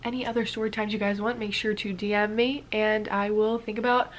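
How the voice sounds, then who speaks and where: A woman's voice: medium pitch, level tone, fairly quick, a little hiss or hum. Woman rambling through a casual story time. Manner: rambling, filler-heavy, dips into whispers. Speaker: vlogger.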